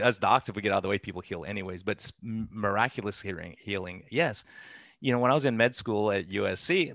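A man, a physician, telling animated stories in an interview, laughing as he acts out the people in them. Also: on the low side, vocal fry, dry recording. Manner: animated, laughing anecdotes with quoted voices. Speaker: physician guest. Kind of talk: conversational storytelling interview.

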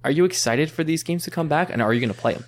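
Upbeat man hosting a casual chat. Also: a little high. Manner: upbeat, quick, restarts and fillers. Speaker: podcast host. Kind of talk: casual chat, presenting news.

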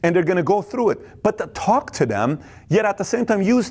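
Man, intense business talk, high energy, stammers, acts out dialogue. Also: sing-song, fairly quick, darkish tone, husky. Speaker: business speaker.

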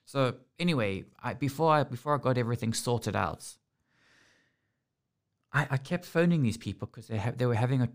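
A man's voice: mid-range voice, animated, brisk. A man hosting a casual podcast, ranting sarcastically and often restarting his sentences. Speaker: podcast host.

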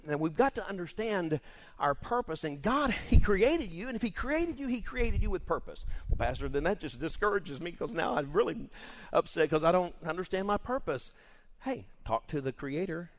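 A man preaching as a pastor, telling folksy stories in a rambling, animated way. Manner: rambling and folksy, lively pitch, many restarts. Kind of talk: sermon with folksy storytelling.

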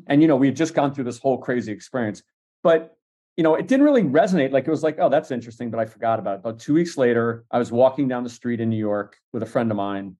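A middle-aged man tells stories as a guest in a relaxed interview. He talks quickly, with a warm, darker tone, and keeps acting out what other people said. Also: medium pitch. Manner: fast, animated storytelling with acted-out quotes. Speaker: podcast guest, entrepreneur. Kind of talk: casual interview storytelling.

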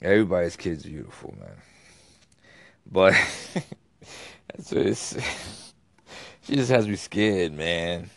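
A man's voice: sits low, expressive, takes it slowly, vocal fry, long pauses, no echo. A man telling a rambling story to his channel, cursing freely, restarting his sentences and laughing at himself. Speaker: YouTube vlogger. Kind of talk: casual storytelling monologue.

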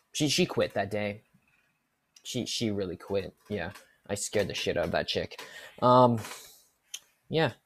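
A young woman telling work stories in a casual storytime style, swearing freely and laughing often. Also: very deep voice.

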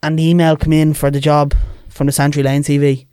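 A man's voice: fairly high pitch, fairly quick, clean tone, no echo, clean studio sound, soft background music. A young man with a Dublin accent, a podcast guest telling stories in casual chat and putting on voices for the people in them. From Ireland. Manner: lively, animated, puts on voices in anecdotes.

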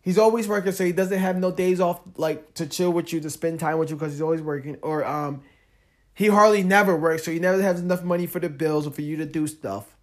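Young guy w/ aave talking straight at you on his podcast, kinda high voice, gets loud n heated. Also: a little fast. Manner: animated, talks straight to the listener, rising loud when worked up. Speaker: podcast host. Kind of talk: casual monologue.

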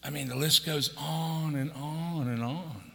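A man's voice: a little high, steady tone, a little slow, gravelly, pushed and bright. A man in his sixties, an executive pastor preaching a conversational sermon and acting out quotes with a raised voice. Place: church auditorium. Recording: long hall reverb.

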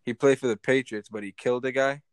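A man's voice: mid-range voice, steady tone, quick pace, no echo. A man co-hosting a casual podcast chat, talking animatedly, swearing and repeating himself as he jokes. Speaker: podcast co-host.

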